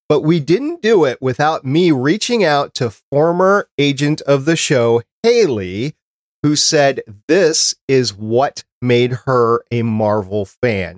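A man's voice: mid-range voice, no room sound. Chatty male podcast host, dry sound. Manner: chatty, reads out dates and lists. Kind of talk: casual podcast chat.

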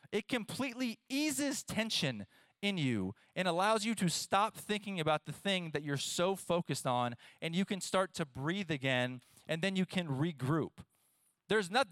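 A man in his thirties preaching a sermon, playful and animated, talking straight to his audience. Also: sits high, no echo. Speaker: pastor.

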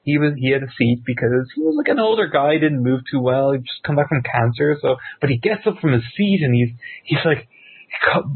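A man telling a long personal story as a podcast guest, rambling and excitable with lots of fillers. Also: mid-range voice, brisk, breathy edge. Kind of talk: casual storytelling. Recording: tinny phone-like line.

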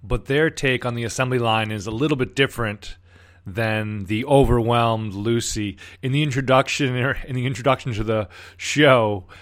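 A man's voice: medium pitch, a bit bright. A man casually talking about an old sitcom, rambling with many restarts. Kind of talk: casual commentary.

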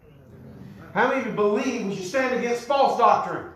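A man's voice: very high-pitched, normal speed. A man preaching a sermon as pastor. He speaks with animation, repeats words as he builds each point and asks the congregation to answer him. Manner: animated preaching with call-and-response questions to the congregation. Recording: echoey room.

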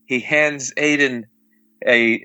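A man's voice: mid-range voice, fairly even intonation, slow, pushed and bright, dry recording. A middle-aged man, a father, telling a camping story casually and laughing often as he acts out what people said.

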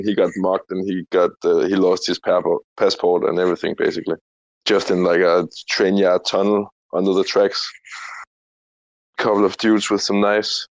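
Brief: man, fairly low voice, laid-back and easygoing, dry recording. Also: no room sound.

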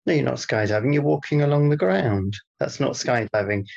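Gravelly, husky man teasing his co-host. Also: medium pitch, fairly quick, darkish tone, lo-fi sound. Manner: dry, teasing interviewer. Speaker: podcast co-host. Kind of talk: deadpan comedic banter.

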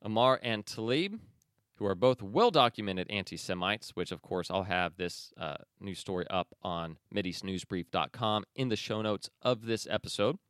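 A man hosting a news commentary podcast, opinionated and sarcastic, often pausing with fillers and restarts. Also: lowish voice, fairly bright tone, smooth, no room sound, clean studio sound. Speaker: podcast host.

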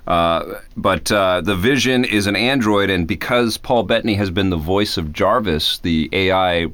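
A man's voice: low voice, moderate pace, a bit bright, no room sound. A man in his thirties co-hosting a casual chat, enthusiastic and rambling with frequent restarts. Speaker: podcast co-host.

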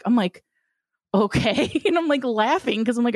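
A woman's voice: fairly high pitch, animated, normal speed, darkish tone, no echo, clean studio sound. A woman telling stories in casual conversation, acting out the people she quotes and laughing often. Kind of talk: casual chat, storytelling.

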